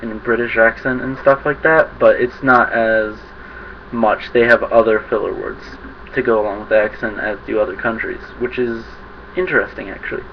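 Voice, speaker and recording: A young man rambling to the camera in a casual vlog, self-conscious and quick to laugh at his own slips. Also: on the low side, steady tone. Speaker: vlogger. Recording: dull lo-fi webcam audio with faint hiss.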